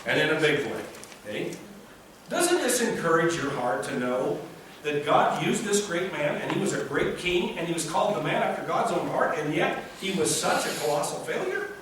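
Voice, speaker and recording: Male pastor, high-pitched, animated sermon delivery, distant mic in a very echoey hall. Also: normal speed, noisy background. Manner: animated, acts out biblical voices with rising pitch. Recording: echoey distant room recording.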